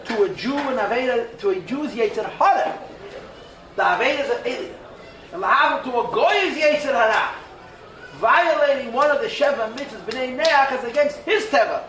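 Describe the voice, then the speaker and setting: Rabbi guy teaching a class, high voice, sounds far off in a roomy hall with people around. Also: normal speed. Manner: animated, mixes Hebrew and Yiddish terms, acts out voices in asides. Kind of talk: animated Torah class lecture.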